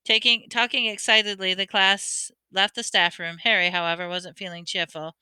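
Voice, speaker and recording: A woman's voice: mid-range voice, level tone, moderate pace, pushed and bright, smooth, dry recording. A woman reading a novel aloud, often stumbling over words and correcting herself. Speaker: audiobook reader.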